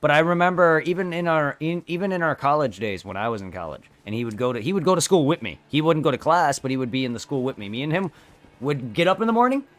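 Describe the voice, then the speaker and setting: A man's voice: on the high side, animated, quick pace, a bit bright. A young adult man chatting casually while streaming a game, telling a long rambling story with lots of restarts. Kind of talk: casual chat while gaming.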